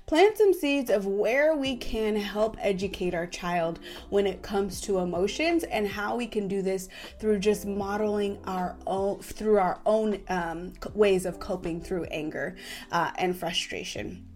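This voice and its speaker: A woman in her thirties hosting a parenting talk, animated and casual, who keeps checking in with "right?". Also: mid-range voice, measured pace. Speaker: parenting podcast host.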